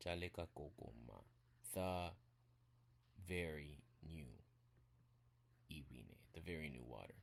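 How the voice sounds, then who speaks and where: A man giving a casual spoken language lesson, walking through examples step by step in a relaxed way. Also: a bass voice, takes it slowly, creaky, long pauses, husky. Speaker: language teacher.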